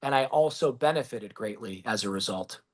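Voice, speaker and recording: A man being interviewed as a guest, telling stories in a lively, casual way, acting out quotes and swearing freely. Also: mid-range voice, moderate pace, slightly rough. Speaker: guest, business founder. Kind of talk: storytelling in a podcast interview.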